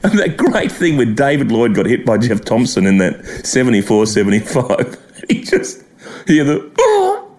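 A middle-aged Australian man chatting as a podcast guest, telling lively stories and breaking into laughs and quick impressions. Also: medium pitch. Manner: animated storytelling with impressions and laughter. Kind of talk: casual chat.

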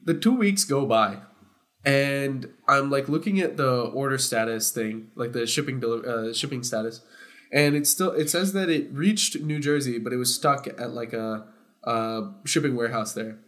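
Animated young man telling a story. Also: medium pitch, moderate pace. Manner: animated storyteller who gets loud and laughs when worked up. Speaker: podcast co-host. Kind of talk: casual storytelling among friends.

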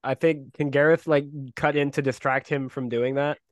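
A man's voice: mid-range voice, steady tone, normal speed, clear, resonant tone, no room sound. A man playing a tabletop role-playing game, casual and exasperated, swearing often. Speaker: player.

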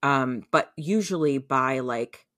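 A woman's voice: a bass voice, slow, fairly bright tone. A young adult woman co-hosting a podcast, retelling a show's plot in a chatty way with lots of fillers and laughter. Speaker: podcast co-host. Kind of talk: casual storytelling recap.

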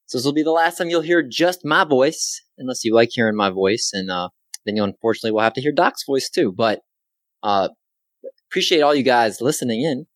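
A man's voice: mid-range voice, a bit bright, no echo. Upbeat man hosting a sports podcast. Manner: upbeat, self-deprecating, quick asides. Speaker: podcast host. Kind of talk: solo sports podcast chat.

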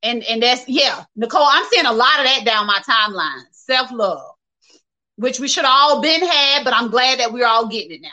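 A woman hosts a relaxed livestream and answers viewer comments in an open, chatty way, laughing often. Her voice is bright and sits a little high. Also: moderate pace, rough recording. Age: adult, working age. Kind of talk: casual livestream chat.

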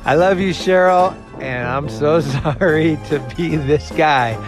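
A man telling a story in a casual monologue as a show host. He is animated, acts out the other people's lines, swears freely and laughs at himself. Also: a little high, slow pace, music in the background.

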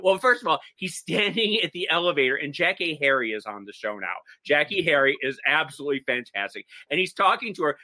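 A man's voice: high voice, sharp tone, dry recording. A man co-hosting a podcast, telling a story animatedly with dramatic asides. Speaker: podcast co-host. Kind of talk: casual chat, pop culture recap.

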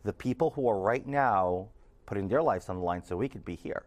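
A man's voice: lowish voice, lively intonation, a little fast, a little mellow. A man hosting a casual political chat, laughing often and repeating words as he goes. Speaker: podcast host and political candidate.

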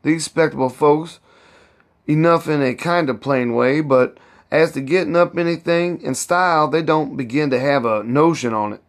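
A man voicing an elderly woman cook who is proud and bossy, speaking in heavy old Southern dialect and scolding as she talks. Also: close to an everyday voice. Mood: boastful. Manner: raised pitch, drawn-out words.

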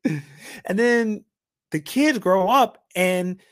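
A young man hosting a solo talk show, speaking in an animated preaching cadence, firing rhetorical questions and acting out quoted voices with big swings in pitch and loudness. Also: extremely slow, no room sound, studio quality. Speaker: podcast host.

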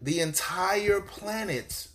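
A man preaching with fervor, rising and swelling as he repeats his lines back to the listeners. His voice sits a bit high for a man, and a steady hiss of noise runs under the recording. He slows right down to read scripture word by word. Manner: call-and-response preaching, repeats lines for emphasis; reads scripture slowly and deliberately. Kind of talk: sermon.

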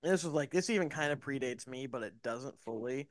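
A man's voice: medium pitch, a little fast, no echo. A man co-hosting a podcast, talking casually in a loose, filler-heavy way. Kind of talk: casual chat.

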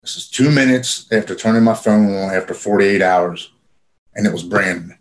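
A man's voice: on the low side, normal speed. A man casually telling a personal story in plain, profane speech with frequent fillers. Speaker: guest telling his recovery story.

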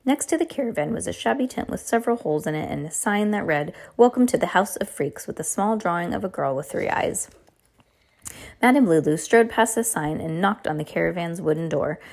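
A woman's voice: fairly low pitch, lively intonation, fairly quick, vocal fry, darkish tone. A woman reading a novel aloud in a casual way, stopping now and then to chat with a listener. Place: at home under a blanket.

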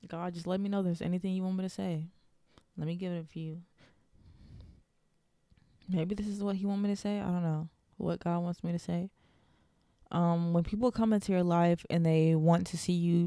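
Young woman host, warm earnest encouragement, dry close mic. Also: fairly low pitch, fairly quick, no room sound. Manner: earnest, encouraging, faith-filled. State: out of breath. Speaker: podcast host. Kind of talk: solo podcast monologue.

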